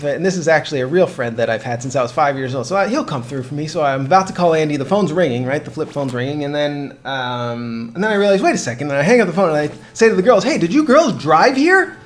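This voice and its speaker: Animated young man telling a story. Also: on the high side, quick pace, hardly any pauses. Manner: animated storyteller with frequent laughs and restarts. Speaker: co-host of a game podcast. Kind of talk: casual chat, telling a dream story.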